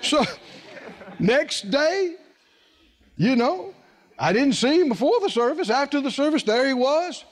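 A middle-aged man preaching a sermon and telling a personal story, animated and asking the congregation questions. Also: very high-pitched, unhurried.

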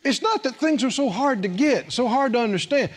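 High-voiced, lively preaching man. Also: brisk. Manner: animated, asks the congregation questions. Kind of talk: sermon with personal story.

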